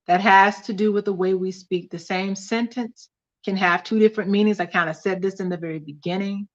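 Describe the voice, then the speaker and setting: A woman's voice: medium pitch, steady tone, brisk, lo-fi sound. A woman hosting a casual livestream study, teaching and reading aloud from a book, often repeating key points. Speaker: host of a couples study livestream.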